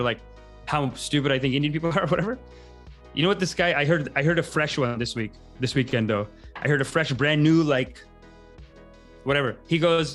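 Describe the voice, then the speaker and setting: Male comic host, slightly high voice, casual rambling riffs full of asides. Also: fairly bright tone. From Canada. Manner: rambling, tangent-prone, quick asides. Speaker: podcast host, comedian. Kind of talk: casual comedic monologue.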